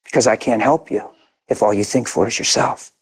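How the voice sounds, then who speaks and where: A man's voice: medium pitch, brisk, breathy edge. An older man preaching a sermon, telling a story with emphatic, intense repetition. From grew up in a city. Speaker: pastor.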